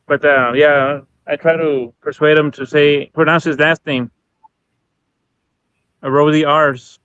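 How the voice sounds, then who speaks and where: A man chatting casually on a live stream, relaxed, explaining how to pronounce names. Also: on the high side, slow pace, clear, resonant tone, no echo. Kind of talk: casual chat. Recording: dull, dry lo-fi stream audio.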